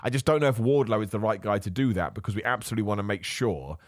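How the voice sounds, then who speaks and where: A man hosting a podcast, ranting in animated casual chat, laughing often and nursing a cough. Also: lowish voice, very fast, no echo, studio quality. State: has a cough. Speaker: podcast host.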